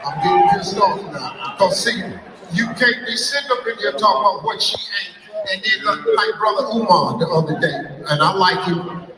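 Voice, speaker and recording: A man with a fairly high voice, loud and joking, sounding indignant as he talks. He is heard from far off in a long-echoing hall. A crowd and steady noise sit behind him. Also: moderate pace.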